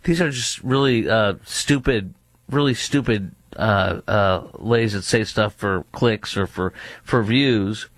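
A man's voice: fairly low pitch, takes it slowly, dry recording. A man giving indignant opinion commentary, mocking and asking repeated rhetorical questions, with many fillers. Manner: frequent fillers and restarts. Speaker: political commentator.

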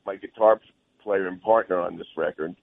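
Over a phone line, a male musician with a low, creaky voice is interviewed at a moderate pace. He's rambling and friendly, saying "man" often.

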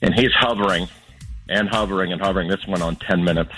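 A man's voice: low voice, quick pace, pushed and bright, faint music behind, rough recording. A man calling in to a radio show, rambling through a funny story, amused and acting out the lines he quotes. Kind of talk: casual storytelling.

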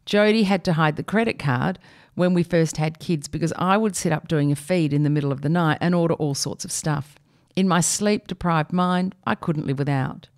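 A woman's voice: lowish voice, a little mellow. A woman reading a humorous personal essay aloud in a wry, conversational way.

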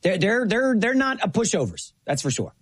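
A man's voice: sits high, sing-song, normal speed, slightly rough. A man co-hosting a sports talk show, teasing and enthusiastic in banter. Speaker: co-host.

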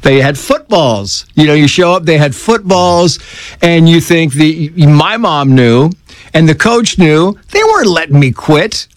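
A man's voice: on the high side, measured pace, no room sound. A man telling personal stories in a casual conversation, acting out the voices of people he quotes. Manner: animated storyteller who acts out quoted voices.

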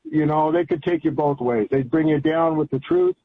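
An older man calls in to a talk radio show and rambles on in a folksy, emphatic way. His voice sits a little high and sounds husky. It comes through a thin, tinny telephone line. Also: normal speed, no echo. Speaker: caller. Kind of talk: call-in radio chat.

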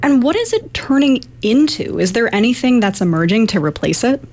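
A woman's voice: fairly high pitch, sing-song, fairly quick, a little mellow. A woman reporter asking concise, curious interview questions.

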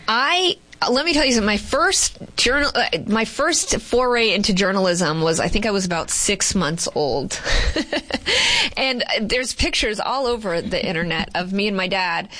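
A woman in her forties from Boston talks as an interview guest. Her voice sits at a middle pitch. Her talk is chatty and expressive, with quick laughs and plenty of ums and uhs. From Boston, USA. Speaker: guest, TV news reporter. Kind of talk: casual interview chat.

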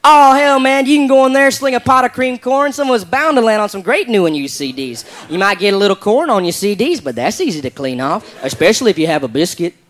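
A man voicing a folksy, self-assured Southern redneck advisor with a Southern US accent and a slow drawl. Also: sits high, animated, fairly bright tone, pitched below the performer's own voice.

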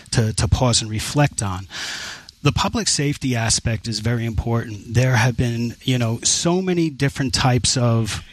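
Man, interview guest, earnest, emphatic, mid-pitched voice. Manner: earnest, emphatic, some restarts. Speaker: advocacy group state director.

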